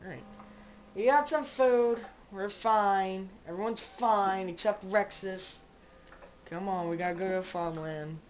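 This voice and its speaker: A woman's voice: medium pitch, unhurried, a little mellow, a little hiss or hum, poor audio. A woman giving casual let's-play commentary, rambling and joking as she talks to her game characters. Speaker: gamer playing a zombie survival game.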